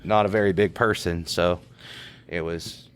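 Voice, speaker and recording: Deep-voiced laid-back man. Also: fairly even intonation, measured pace. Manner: laid-back drawl, chuckling, slangy. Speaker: podcast co-host, police officer. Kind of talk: casual storytelling chat.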